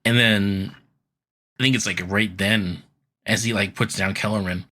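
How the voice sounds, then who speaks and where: Male podcast co-host, forceful and a bit raspy, loose filler-heavy recap chat. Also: lowish voice, fairly even intonation, a little slow. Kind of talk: casual chat recapping a cartoon episode.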